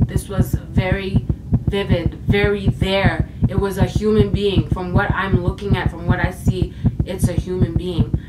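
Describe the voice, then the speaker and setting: In this storytime vlog, a woman with a medium-pitched voice dramatically shares her personal ghost experience, full of emotion, sighs, and exclamations. She's a little distant from the mic, and heavy background noise fills the recording.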